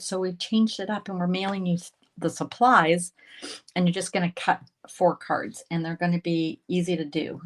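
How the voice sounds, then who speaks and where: A woman, hosting a casual crafting tutorial livestream, chatting as she works and slipping into soft murmured asides. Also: on the low side, rough recording. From Canada. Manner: chatty, talks while working, drifts into soft murmured asides. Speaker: craft instructor and livestream host.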